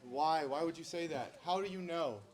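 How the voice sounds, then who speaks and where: A man's voice: on the high side, moderate pace. A man teaching a school band class, counting off the players and asking them questions. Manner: counts off and directs rehearsal, asks questions. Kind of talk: classroom instruction.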